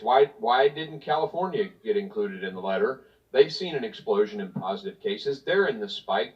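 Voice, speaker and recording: A man from Tennessee, a congressman giving pointed, partisan prepared remarks at a hearing while reading from notes. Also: mid-range voice. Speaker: congressman questioning a witness. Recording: distant, dull hearing-room audio.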